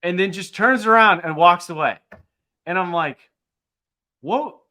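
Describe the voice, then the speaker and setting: A man co-hosting a podcast, telling a travel story in casual chat, excitable and swearing freely, his voice jumping up when riled. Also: sits high, moderate pace. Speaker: podcast co-host.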